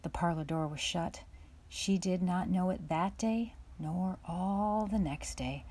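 A woman narrating a children's storybook chapter aloud in a steady, measured way. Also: fairly low pitch, husky. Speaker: audiobook narrator. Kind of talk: storybook reading.

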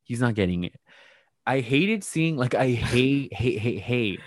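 A man's voice: medium pitch, animated, measured pace, dry recording. A man co-hosting a casual podcast, recapping reality TV in a gossipy, sarcastic way and acting out the people he quotes. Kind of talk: casual chat.

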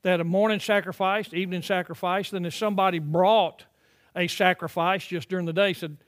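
High-voiced older preacher, emphatic swells. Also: male voice, steady tone. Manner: emphatic preaching that swells to loud peaks, then drops to quiet, drawn-out phrases. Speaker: pastor. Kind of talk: sermon. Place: church sanctuary.

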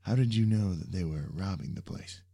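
A man's voice: low-pitched, animated, normal speed, vocal fry, mellow, heavily acted. A man voicing a laid-back, reluctant young man who banters sardonically. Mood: wry.

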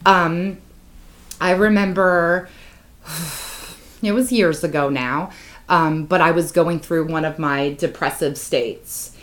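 A woman co-hosting a podcast, telling a painful personal story with raw emotion and plenty of swearing. Her voice drops low and hushed, then climbs loud and heated. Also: slow pace, long pauses. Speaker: podcast co-host. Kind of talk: candid podcast chat.

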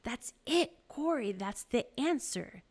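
A woman's voice: medium pitch, measured pace, gravelly, darkish tone. A woman reading aloud and voicing a devout, serene woman prisoner who speaks eagerly and insistently to her sister.

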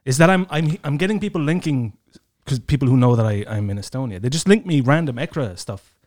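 A man's voice: medium pitch, lively intonation, fairly quick, a little mellow. A man chatting casually as a guest, laid-back and rambling as he tells stories. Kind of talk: casual chat.

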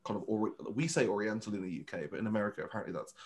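Campy drag performer, chatty. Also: male voice, lowish voice, rapid-fire. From United Kingdom. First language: Vietnamese. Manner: animated, campy storyteller who acts out quotes. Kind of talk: casual interview chat.

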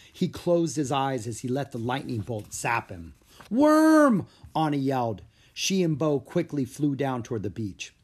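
A man narrating a children's story in an animated storybook way. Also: medium pitch, husky.

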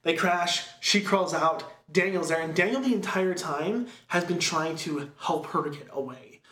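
A man with a slightly high voice chats through a film's story in a loose, rambling way, full of fillers and quick quoted bits. The sound is roomy and echoey. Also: pushed and bright. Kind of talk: casual chat recapping a film. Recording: echoey room.

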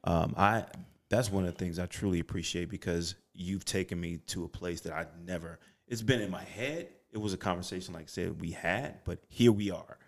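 A man's voice: sits low, a little fast, gravelly. A middle-aged man co-hosting a podcast in a studio, talking reflectively in casual chat and often restarting his sentences. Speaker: podcast co-host.

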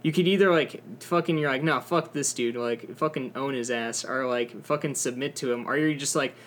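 A man's voice: mid-range voice, brisk, few pauses. A young man co-hosting a podcast, rambling casually about a video game with lots of fillers and swearing. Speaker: podcast co-host. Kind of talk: casual gaming chat.

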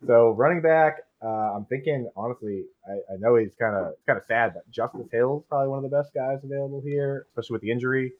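A laid-back man with a Boston accent rambles through a casual podcast chat and says "dude" often. His pitch is ordinary, and the recording sounds slightly muffled and lo-fi. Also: quick pace, hardly any pauses. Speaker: podcast host.

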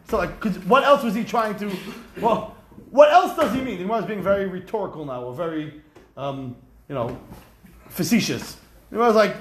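A man leads a Talmud class in an animated, rhetorical way, acting out little scenes as he explains. His voice sits high and swoops widely. The room around him is echoey. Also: moderate pace. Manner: animated, rhetorical, acts out examples. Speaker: Talmud teacher.

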